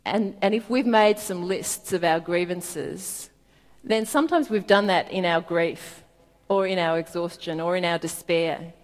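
A woman preaches in a soft, reflective way, reading scripture aloud and pausing for small laughs. Her voice sits slightly low. It rings out with a long reverb, as in a large hall. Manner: gentle, reflective, laughs softly at times. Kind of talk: sermon with Bible reading.

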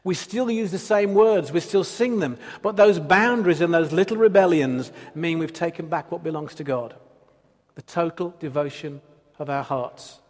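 Earnest male preacher, slightly high voice, long church reverb. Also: normal speed. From Britain. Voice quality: earnest, builds through repeated phrases. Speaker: pastor. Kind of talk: sermon.

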